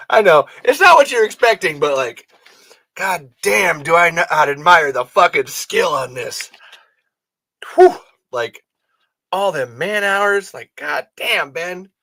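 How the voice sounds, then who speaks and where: A man hosting a fan show in loose, rambling chat. His voice is bright and forceful, his delivery excitable and full of swearing. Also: high-pitched. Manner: excitable, profane, rambling, quick to laugh. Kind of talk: casual chat.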